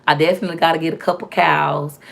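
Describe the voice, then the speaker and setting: A young woman talking casually to her viewers, her low voice carrying a gravelly edge. She chats in an animated, storytelling way, full of slang and quick asides. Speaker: vlogger. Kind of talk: casual chat to camera.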